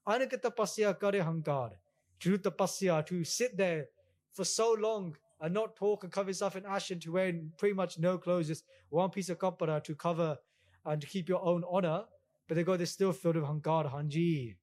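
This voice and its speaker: A man giving a storytelling sermon on scripture, relaxed and conversational, acting out quotes and mixing in Punjabi words. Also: sits high, moderate pace. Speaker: religious teacher giving katha.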